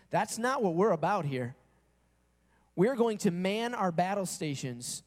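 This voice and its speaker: A man's voice: high voice, lively intonation, normal speed, a little mellow. A male pastor preaching a sermon to his congregation in a conversational way, asking them questions and acting out quoted voices. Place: church sanctuary. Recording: long reverb in a church hall.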